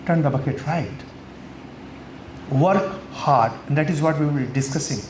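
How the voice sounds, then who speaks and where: A spiritual teacher, giving an emphatic lecture to college students and swinging between loud and quiet. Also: male voice, fairly high pitch, normal speed. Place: college hall. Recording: echoey hall, faint noise.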